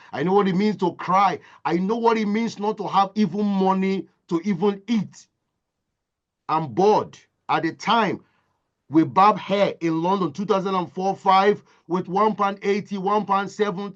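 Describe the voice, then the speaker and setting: A man's voice: high-pitched, lo-fi sound. A man from Nigeria, giving a motivational talk as impassioned storytelling with emphatic repetition. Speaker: motivational speaker.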